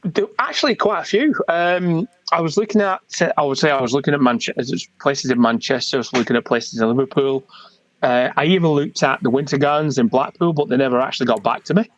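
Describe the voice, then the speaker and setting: A man's voice: fairly high pitch, fast talker, dry recording, highs cut off. A man with a Wigan accent, chatting as an interview guest in a colloquial, rambling way. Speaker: convention organiser, guest. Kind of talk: casual interview chat.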